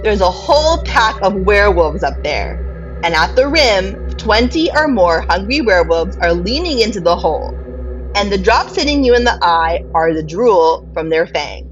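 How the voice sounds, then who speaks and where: A woman reading a choose-your-own-adventure story aloud to a friend as game master, laughing often and jumping to high voices for quotes. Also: big pitch swings, normal speed, faint music behind. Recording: dull lo-fi podcast mic with faint noise.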